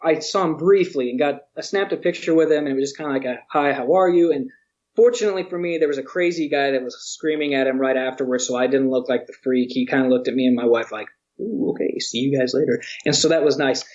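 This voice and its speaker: Animated storytelling man, slightly dull sound. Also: medium pitch, quick pace. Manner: animated storyteller, acts out quotes, laughs often. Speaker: interview guest, museum educator. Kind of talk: casual storytelling interview.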